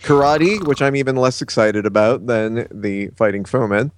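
This man's voice is medium in pitch and moves at a moderate pace. Co-hosting a laid-back podcast, he reads news out of his notes, relaxed and peppering it with lots of "uh."

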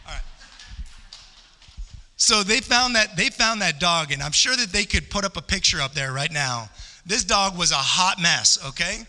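Bright, impassioned preacher man in reverberant church. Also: high-pitched, expressive, measured pace, pauses often. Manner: impassioned, rising to emphatic peaks and repeating phrases. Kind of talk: sermon. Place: church sanctuary. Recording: long church hall reverb.

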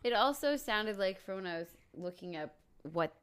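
A woman's voice: medium pitch, lively intonation, moderate pace, a bit bright, clean tone. A woman co-hosting a podcast in casual chat, making wry joking asides. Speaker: podcast co-host.

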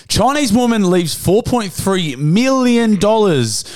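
Aussie bloke, young, podcast co-host; raised voice, sweary banter, reads news between laughs. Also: male voice, sits high, very animated, slow, a little mellow, no room sound. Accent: Australian. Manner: sweary, jokey, cracks up reading the news. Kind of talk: casual chat.

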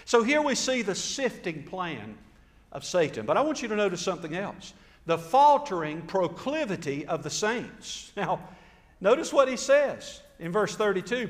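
A man's voice: high-pitched, very animated, moderate pace, long reverb tail. A man preaching a sermon, telling the story dramatically and acting out the quotes. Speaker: pastor.

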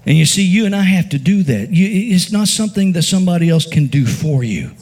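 A man's voice: high-pitched, animated, brisk, darkish tone. A man preaching a sermon, with call-and-response questions and repeated, building phrases. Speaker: pastor.

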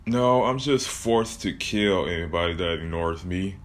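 A man's voice: low voice, measured pace, pitched below the performer's own voice. A man voicing a cursed killer plush toy that taunts its victims. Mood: calm. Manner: taunting, mocking.

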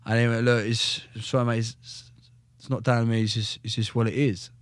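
A man's voice: mid-range voice, fairly quick, no room sound, clean studio sound. A young man, a former soldier, telling his story in a casual podcast chat, blunt and full of swearing. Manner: blunt, heavy swearing, animated retelling.

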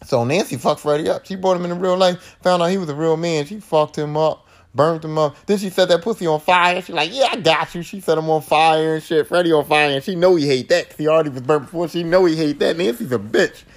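A man's voice: fairly high pitch, a little fast. A man hosting a podcast, recapping a horror film in a casual, profane monologue and acting out the characters' lines. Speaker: podcast host.

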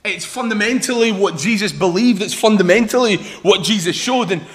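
A man's voice: sits high, a little fast. A young man preaching a sermon in an informal, joking way, telling a story to the congregation. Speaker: pastor.

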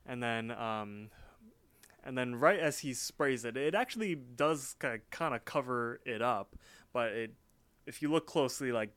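A man's voice: medium pitch, expressive, a little slow, a bit bright, clear, resonant tone, no room sound. A young man co-hosting a podcast, casually recapping a cartoon episode with a rambling manner full of "like" and "um". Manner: rambling, lots of "like" and "um". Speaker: podcast co-host.

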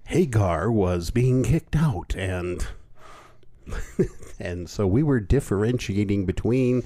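A man's voice: lowish voice, animated, takes it slowly, warm tone, no room sound, studio quality. A man co-hosting a podcast, chatting casually with playful joking asides. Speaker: podcast co-host. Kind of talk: casual chat.

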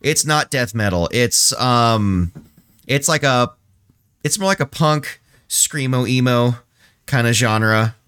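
A man's voice: mid-range voice, slow, fairly bright tone, clear, resonant tone. A man co-hosting a podcast in casual chat, laid-back and swearing freely, with many ums and restarts. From San Diego area. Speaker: podcast co-host.

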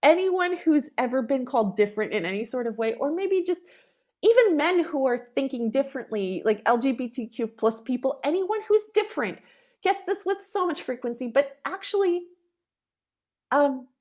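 A middle-aged woman composer in an interview, talking with animated emphasis and acting out the people she quotes. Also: high-pitched, normal speed. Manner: animated, acts out quoted callers. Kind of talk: conversational interview.

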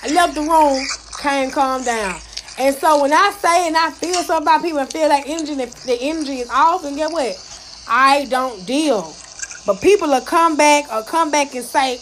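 A woman's voice: high voice, normal speed, a little hiss or hum. A woman speaking into a phone in a live audio chat room, telling stories and ranting bluntly with lots of cursing and acted-out quotes. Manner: blunt, heated, animated, heavy cursing, acts out quotes. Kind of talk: casual profane rant and storytelling.

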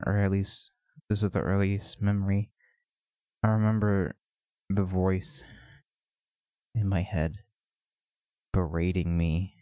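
Slow, low-voiced man musing on podcast. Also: flat delivery, warm tone, no echo. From United States. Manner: reflective, halting, with many pauses. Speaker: podcast host. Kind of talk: personal confessional podcast monologue.

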